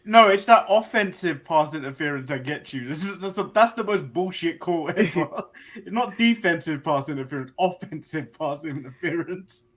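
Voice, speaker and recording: A man's voice: on the high side, normal speed, a bit bright. An English man co-hosting a casual wrestling recap podcast, easygoing and often chuckling as he walks through the show. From England. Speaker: podcast co-host.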